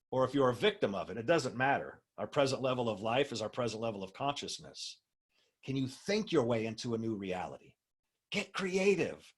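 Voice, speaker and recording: A man's voice: mid-range voice, slightly rough. A man, a minister, teaching a spiritual class over a video call, stressing key words and putting questions to his listeners. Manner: asks the listeners rhetorical questions.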